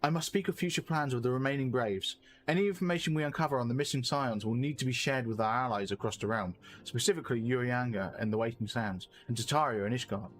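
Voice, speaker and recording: A man's voice: mid-range voice, quick pace, hardly any pauses, a little hiss or hum, natural voice. A man reading the lines of an earnest, formal young male elf leader, solemn and remorseful. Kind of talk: reading game dialogue aloud.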